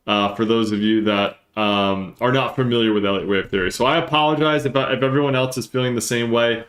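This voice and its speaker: A man hosts a live stream and reads through charts as he talks. He speaks fast and gets excited, working things out aloud. His mid-range voice carries some room echo. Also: mid-range voice. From northern New Jersey. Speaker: livestream host and market analyst.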